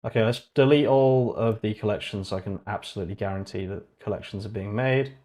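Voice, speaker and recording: A man's voice: on the low side, a little fast, dark tone. Man muttering through a live coding stream. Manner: muttering, sarcastic asides, reading chat aloud. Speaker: streamer building an online store.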